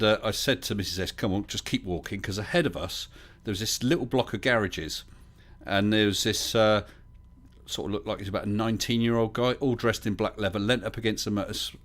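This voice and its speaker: A middle-aged man from the south of England hosting a livestream, chatting casually, telling stories and reading viewer comments aloud. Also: fairly low pitch. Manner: chatty storyteller, reads chat aloud. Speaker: livestream host.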